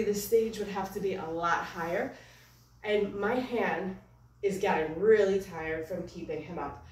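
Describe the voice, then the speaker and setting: A woman's voice: lowish voice, darkish tone. A woman puppeteer teaching puppetry in a chatty, hands-on way, often checking in with "right?". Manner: chatty, keeps asking "right?". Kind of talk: hands-on demonstration. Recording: echoey room, far from the mic.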